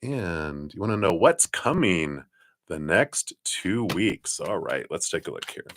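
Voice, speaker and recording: A man with a low, sing-song voice gives tarot readings on a live stream, taking his time. There's no room sound. His talk is warm and spiritual but rambling, full of fillers and laughs.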